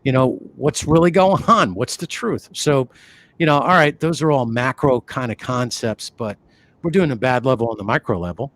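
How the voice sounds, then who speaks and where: Podcast co-host, male, from the New York City area, animated and rambling, mid-range voice. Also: mid-range voice, normal speed. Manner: animated, rambling, many fillers and restarts. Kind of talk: conversational podcast talk.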